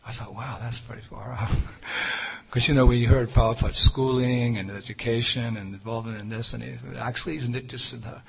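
A man's voice: medium pitch, fairly even intonation, normal speed, gravelly, husky. A man preaching a sermon, telling a personal story in an earnest, conversational way. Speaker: Hare Krishna preacher. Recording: reverberant hall with faint noise.

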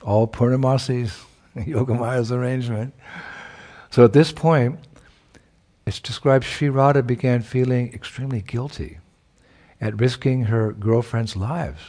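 A man preaching a sermon by retelling a sacred story, reflective, chuckling at times and pausing to search for words. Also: mid-range voice, warm tone.

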